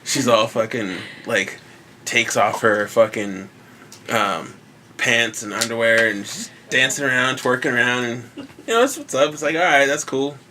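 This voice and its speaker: Casting: male podcast host, bright tone, loose storyteller with constant swearing and laughs, faint background hum. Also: medium pitch, animated, a little slow. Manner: laid-back, swears a lot, laughs often. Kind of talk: casual chat, storytelling.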